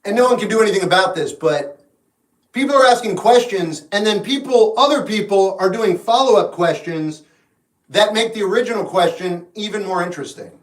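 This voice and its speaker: A man hosting a livestream, answering chat questions in a relaxed, frank, musing way. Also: high voice, fairly quick. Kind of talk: casual live chat. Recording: echoey room, mic at a distance. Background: guitar music in the background.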